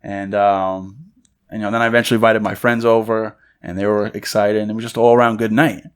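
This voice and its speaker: A young man co-hosting a podcast, casually telling a rambling, excited story and acting out the voices of the people in it. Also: on the low side, a little fast, clear, resonant tone. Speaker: podcast co-host. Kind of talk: casual chat.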